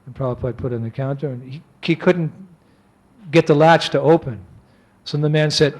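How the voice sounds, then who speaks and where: A man, a monk, giving an animated, anecdotal lecture and chuckling often as he tells stories. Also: fairly high pitch, brisk.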